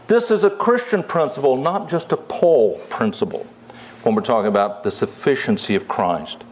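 An older man teaching the Bible in a folksy, conversational way, with many fillers and asides. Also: on the high side.

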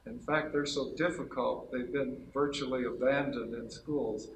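A man's voice: medium pitch, fairly even intonation, measured pace, echoey room, a little hiss or hum, poor audio. A man giving a lecture-style Bible teaching to a gathered group, laying out numbered points methodically and correcting himself as he goes. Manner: methodical, enumerates points, frequent self-corrections. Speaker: speaker giving a Bible talk.

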